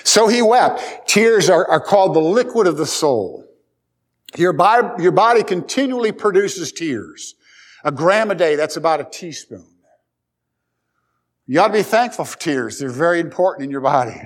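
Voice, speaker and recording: A middle-aged man preaching a sermon, folksy and storytelling, swinging between loud and quiet. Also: fairly high pitch, lively intonation, moderate pace. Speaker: pastor.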